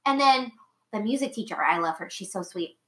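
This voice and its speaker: A woman's voice: mid-range voice, lively intonation, fairly quick, a bit bright. A woman co-hosting a podcast, chatting casually and a bit self-consciously as a teacher. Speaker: podcast co-host, elementary teacher. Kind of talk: casual chat.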